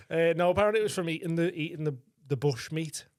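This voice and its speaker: A man's voice: a little high, fairly quick, no echo, clean studio sound. A man co-hosting a comedy podcast, tipsy from vodka, telling crude rambling stories and laughing a lot. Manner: giggly, crude, rambling storyteller. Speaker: podcast co-host.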